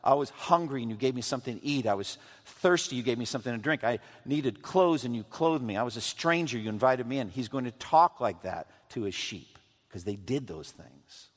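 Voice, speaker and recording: A man preaching a sermon at a middle pitch, his voice carried through a large hall with a long echo. He reads scripture aloud with emphasis and presses his listeners with questions. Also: lively intonation, a little fast. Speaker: pastor. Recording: reverberant hall, voice from a distance.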